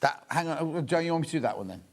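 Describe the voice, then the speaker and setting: A chatty man in his sixties hosts a live shopping broadcast. His voice sits a little high and swings up and down a lot. He banters freely with viewers and greets them as he handles the goods. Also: expressive, racing, gravelly. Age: 60s. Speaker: shopping channel presenter. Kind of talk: live TV product selling.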